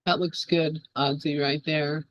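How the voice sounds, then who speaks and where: A woman's voice: deep voice, flat delivery, unhurried, dry recording, muffled recording. A woman leading an online reading group, inviting the others to speak and read. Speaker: group facilitator. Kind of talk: hosting a discussion.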